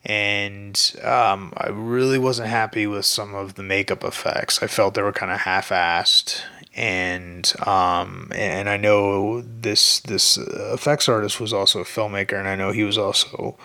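A man with a low, gravelly voice recounts a production story in a loose, unscripted monologue. His tone is bright and forceful, and he talks bluntly, curses freely and fills the gaps with ums and you-knows. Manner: rambling, candid, swears freely, many fillers. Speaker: independent filmmaker.

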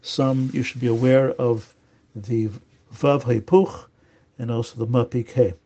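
A man teaching an informal lesson, pausing often with fillers and restarting his sentences. His voice is mellow and his tone relaxed, and the recording sounds dull and slightly muffled. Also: medium pitch. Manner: halting, frequent fillers and restarts; repeats key words to stress them. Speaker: teacher of prayer Hebrew pronunciation.

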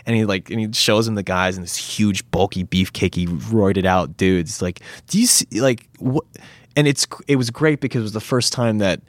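An actor chatting as an interview guest, rambling and animated, often acting out quotes. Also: male voice, fairly low pitch, normal speed, few pauses, no echo. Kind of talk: casual interview chat.

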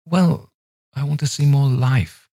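A man's voice: mid-range voice, steady tone, slow pace, mellow, dry recording, clean studio sound, pitched above the performer's own voice. A man reading a story aloud voices a precocious, sweetly teasing young boy in a raised, coaxing voice.

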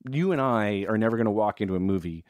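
A man, a film director, talking in a relaxed, thoughtful way with many restarts. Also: lowish voice, fast talker, no echo. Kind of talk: casual conversation.

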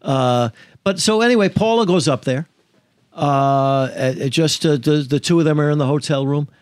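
Halting male attorney telling a story. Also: on the high side, darkish tone, clean tone, no room sound. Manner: halting, many filler sounds and restarts. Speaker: attorney and interview guest. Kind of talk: storytelling in a podcast interview.

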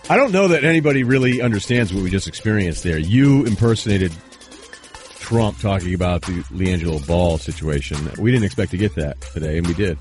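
A man's voice: low-pitched, expressive, brisk, darkish tone, faint music behind. A man with a Boston accent hosting casual sports talk radio, joking in loose, self-deprecating banter.

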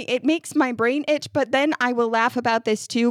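A woman's voice: fairly high pitch, fast, few pauses, no echo, studio quality. Chatty laughing woman ranting on a podcast. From upstate New York. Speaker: podcast co-host. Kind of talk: casual chat.

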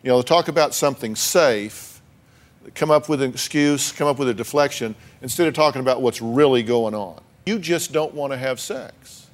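A man's voice: medium pitch, normal speed. A man hosting a daytime talk show, blunt and teasing as he challenges his guests.

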